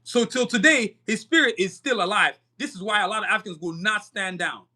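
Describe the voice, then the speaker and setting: Brief: young male podcast host, high bright voice, angry profane rant, restarts a lot. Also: fairly quick. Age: young adult. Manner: fiery, profane ranting; emphatic, repetitive stumbling restarts. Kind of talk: live-stream podcast monologue.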